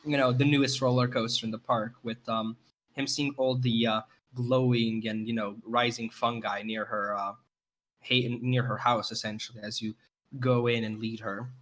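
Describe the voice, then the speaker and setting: A man's voice: medium pitch, flat delivery, moderate pace, fairly bright tone. A man narrating a tabletop game as game master, rambling with lots of fillers.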